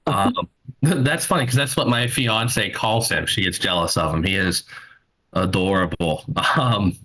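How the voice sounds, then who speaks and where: Bright-voiced young man doing stand-up. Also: fairly low pitch, a little slow, poor audio. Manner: rambling storytelling with crude asides. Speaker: stand-up comedian. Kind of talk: live stand-up set. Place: comedy club stage.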